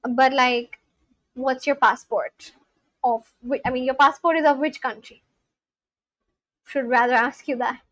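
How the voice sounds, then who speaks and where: Chatty woman streamer, high voice, unhurried delivery, close dry sound. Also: fairly even intonation, fairly bright tone, dry recording, poor audio. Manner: chatty, reads viewer comments aloud and asks them questions. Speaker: live-streamer learning a language. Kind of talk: casual live-stream chat.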